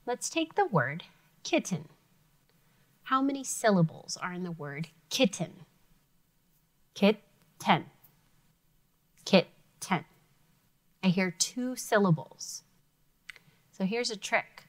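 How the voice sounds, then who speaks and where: A woman teacher giving an elementary phonics lesson, sounding out words carefully and clearly for young students. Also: mid-range voice, sing-song, unhurried, long pauses.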